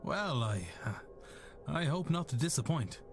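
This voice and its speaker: A man's voice: fairly high pitch, animated, unhurried, slight background noise. An actor playing a polite, hesitant young man in a game, who stammers a little as he speaks.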